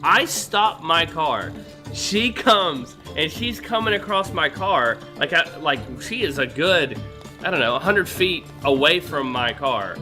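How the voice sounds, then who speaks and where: A man's voice: fairly high pitch, expressive, measured pace, bright, forceful tone. Young man telling a profane story. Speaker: gaming channel host. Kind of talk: casual voice chat while gaming. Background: background music.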